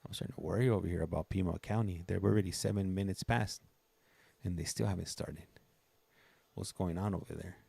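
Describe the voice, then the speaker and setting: A man's voice: low voice, steady tone, fairly quick, vocal fry, mellow, husky, no echo. A man hosting a livestream, chatting casually and rambling with frequent restarts. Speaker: livestream host. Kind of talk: casual chat.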